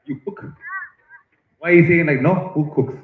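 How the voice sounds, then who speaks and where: A man hosting at a festival tent, chatting with and teasing visitors in a lively way. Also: on the high side, moderate pace. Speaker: event host interviewing visitors. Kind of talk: roving live-stream banter. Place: busy outdoor festival tent. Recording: echoey, muffled stream audio with crowd noise.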